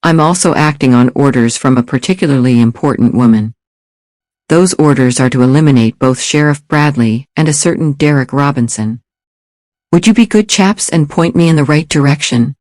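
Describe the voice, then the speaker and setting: A man doing a soft-spoken polite British operative. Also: mid-range voice, moderate pace, dry recording, natural voice. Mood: calm. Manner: soft-spoken, courteous, formal. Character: calm British ex-special forces man, polite.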